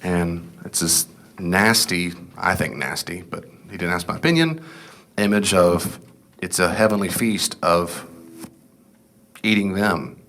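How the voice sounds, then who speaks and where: Measured and low-voiced with a fairly bright tone, a middle-aged man teaches a relaxed Bible class. He reads scripture aloud, keeps things conversational, and answers his own questions to the class.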